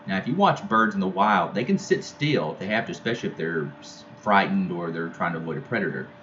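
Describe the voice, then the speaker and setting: A man's voice: low-pitched, lively intonation, quick pace, a bit bright, highs cut off, a little hiss or hum. A man teaching a poetry lesson in a loose, conversational way, with frequent fillers and restarts.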